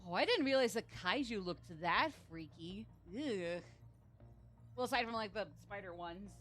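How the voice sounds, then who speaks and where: A woman's voice: mid-range voice, animated, moderate pace, fairly bright tone, faint music behind. A woman streaming a video game, chatting casually with rambling asides and frequent laughter.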